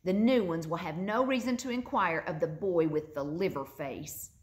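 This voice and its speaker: A woman reading a storybook aloud and voicing an eager, lively young boy. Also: fairly low pitch, moderate pace, natural voice. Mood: hopeful. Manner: bright, excited, scolding fondly.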